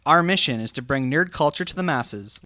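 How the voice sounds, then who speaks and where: A man co-hosting a podcast in casual chat, telling stories in an excitable, animated way. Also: a little high, dry recording, clean studio sound. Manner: excitable storyteller, quick to get animated. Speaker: podcast co-host.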